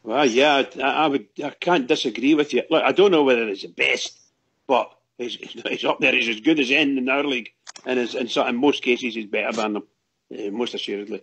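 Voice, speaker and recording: A man with a gravelly, husky voice chats on a fan radio show. He rambles and gushes with enthusiasm, circling back over his points. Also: mid-range voice, fairly quick, a bit bright. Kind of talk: casual chat.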